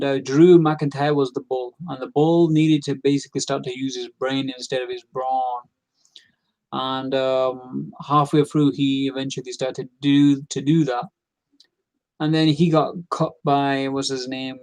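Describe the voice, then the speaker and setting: A man's voice: on the high side, a little mellow. A tired man giving a rambling, opinionated casual recap as host, full of fillers and restarts.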